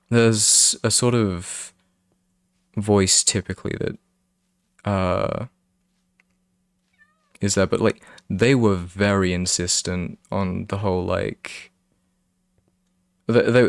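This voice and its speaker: A man's voice: on the low side, creaky, smooth, no room sound, studio quality. A young man with a British accent, a streamer chatting casually and rambling with his viewers. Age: young adult. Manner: rambling, self-interrupting, laughs often.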